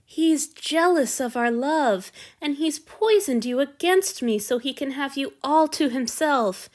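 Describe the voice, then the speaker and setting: A woman's voice: high-pitched, a little slow, voice pushed up. A woman voicing a centuries-old male vampire who is possessive and violent, shifting between snarling and false soothing, in a fan fiction reading. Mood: falsely soothing.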